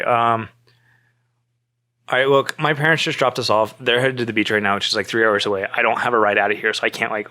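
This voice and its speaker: A man in his thirties telling a story in casual chat, animated, cursing freely and acting out both sides of the conversation. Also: mid-range voice, fast talker, no echo. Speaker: podcast guest.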